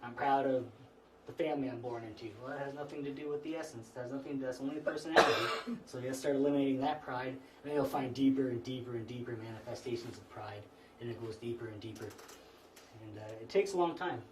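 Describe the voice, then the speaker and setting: A man's voice: medium pitch, quick pace. Man lecturing casually in an echoey room. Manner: relaxed, conversational, frequent restarts and "you know". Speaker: class instructor. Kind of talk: informal spiritual lecture to a small group. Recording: echoey room, mic far off, faint noise.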